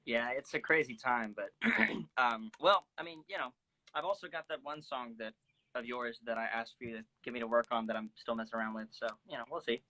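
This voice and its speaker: A man's voice: mid-range voice, brisk, pushed and bright, poor audio. A young man, a singer hosting a phone livestream from home, chatting in an easygoing way with lots of fillers. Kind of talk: casual chat.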